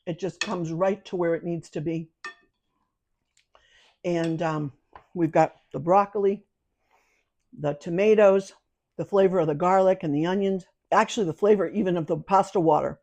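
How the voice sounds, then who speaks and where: A woman's voice: fairly low pitch, darkish tone. Chatty middle-aged woman cooking at home. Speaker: home cooking video host. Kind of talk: casual cooking chat.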